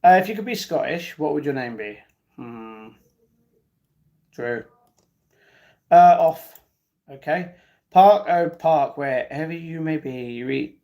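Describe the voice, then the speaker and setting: A man's voice: fairly high pitch, lively intonation, takes it slowly, long pauses, warm tone. A man hosting a live stream, casually reading out viewer comments and bantering back at them. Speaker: livestream host reading chat.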